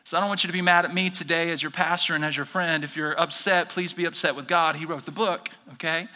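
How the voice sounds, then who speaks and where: A man preaching a sermon with a high voice. His tone is very bright and forceful. He speaks straight to the congregation and acts out the voices of the people he quotes. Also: fairly even intonation, quick pace, in a large hall. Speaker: pastor.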